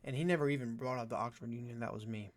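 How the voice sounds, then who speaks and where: A man's voice: mid-range voice, fairly even intonation, racing. A young man ranting in a vlog, profane and exasperated, with a sarcastic edge. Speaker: vlogger. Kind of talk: ranting commentary.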